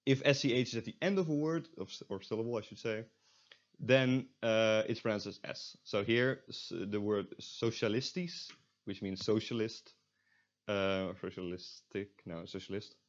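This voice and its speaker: A man's voice: fairly low pitch, normal speed. A young Dutch man with a Dutch accent, teaching a casual language lesson and explaining step by step, often stopping to correct himself. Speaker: language tutor. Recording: dull lo-fi audio.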